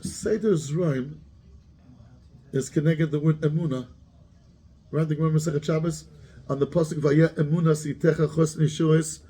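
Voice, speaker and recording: A man's voice: fairly high pitch, fairly even intonation, normal speed, long pauses, dark tone, breathy edge. A man, a rabbi giving a Torah class who keeps asking his students questions and mixes Hebrew terms into his English.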